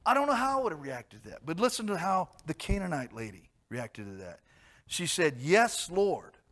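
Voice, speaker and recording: Guy preaching a sermon, kinda high voice, chatty, asks the crowd stuff, goes quiet then punchy. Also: very animated, brisk. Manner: conversational, asks the audience questions, swings from quiet to emphatic.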